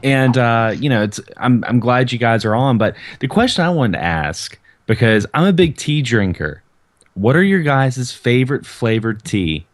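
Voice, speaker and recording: A man's voice: mid-range voice, big pitch swings, normal speed. A man, hosting a podcast in an easygoing, hesitant way, full of fillers. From American South. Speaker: podcast host asking guest questions. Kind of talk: casual podcast chat.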